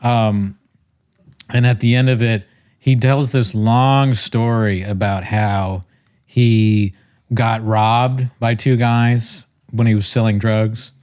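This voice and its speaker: A man's voice: fairly low pitch, flat delivery, a little mellow, smooth. A young man co-hosting a podcast, telling a rambling, self-mocking story in casual chat. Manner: rambling, self-mocking, quick to laugh at himself. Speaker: podcast co-host.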